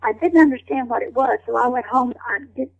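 Creaky-voiced older woman telling stories. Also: a little high, fairly quick, dull audio. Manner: lively storyteller who slips into rough character voices. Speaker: guest. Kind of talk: storytelling interview chat.

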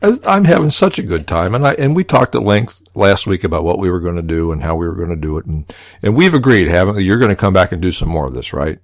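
A man's voice: low voice, animated, quick pace, no room sound, clean studio sound. A man hosting a radio interview, effusive and repeating words as he talks. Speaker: radio show host. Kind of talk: interview chat.

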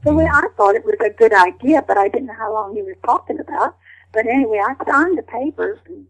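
An older woman being interviewed, telling lively stories and slipping into rough character voices. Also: on the high side, fairly quick, rough recording. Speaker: guest. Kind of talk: storytelling interview chat.

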